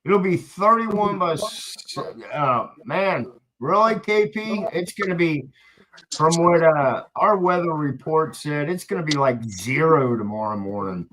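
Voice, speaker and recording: Man, laid-back stream host, slow and animated, a bit high-pitched. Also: rough recording. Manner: slow, easygoing, lots of fillers. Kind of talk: casual chat.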